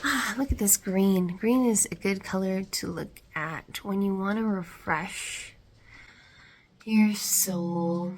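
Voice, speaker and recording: A woman's voice: mid-range voice, slow pace, a little hiss or hum. A woman in her thirties rambling casually in a home vlog, filming herself on a phone around the house and garden. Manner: chatty, talks to pets and plants. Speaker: vlogger.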